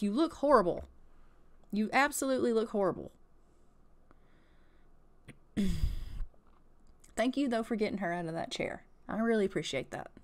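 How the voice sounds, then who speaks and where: Sassy woman doing gameplay commentary. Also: fairly high pitch. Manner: sassy, swearing, exasperated banter. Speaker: gaming channel host.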